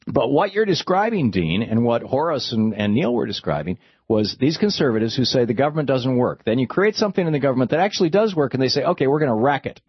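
A man hosting a call-in radio talk show, talking in animated bursts with stammering restarts. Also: medium pitch, fast, breathy edge, no room sound, muffled recording.

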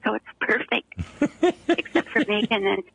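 Gracious caller, gravelly and husky, bright edge. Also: medium pitch, lively intonation, unhurried, no echo, low-quality recording. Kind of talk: casual chat.

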